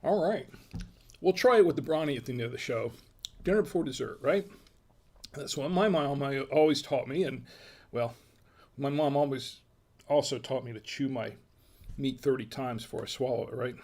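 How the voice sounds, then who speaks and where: A man's voice: medium pitch, normal speed, pauses often, darkish tone. An American man hosting a casual wine tasting, chatty and folksy, murmuring as he samples food and wine. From United States. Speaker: wine review host.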